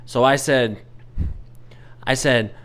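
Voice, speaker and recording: A man's voice: medium pitch, fairly even intonation, takes it slowly, a bit bright. A man, bluntly venting as he tells a story in a casual vlog. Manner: exasperated, venting, blunt with swearing. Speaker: vlogger.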